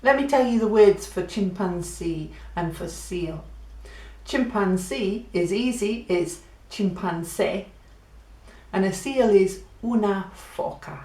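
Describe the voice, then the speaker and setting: A woman gives a playful Spanish lesson and acts out laughs and animal sounds to make her points. She speaks unhurriedly at a middling pitch, and her voice rings in a roomy, echoing space. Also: animated, takes it slowly, a little mellow. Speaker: Spanish teacher. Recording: echoey room.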